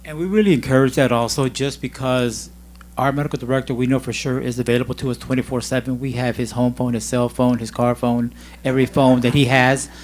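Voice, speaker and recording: A man's voice: medium pitch, steady tone, fairly quick. Reassuring staff man with faint hum. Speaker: care facility staff presenter. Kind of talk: presentation at a town hall.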